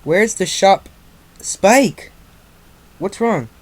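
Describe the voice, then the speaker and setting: A man's voice: medium pitch, unhurried, close to an everyday voice. A man voicing a bookish female pony who asks urgent questions. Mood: alarmed. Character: bookish unicorn mare, anxious.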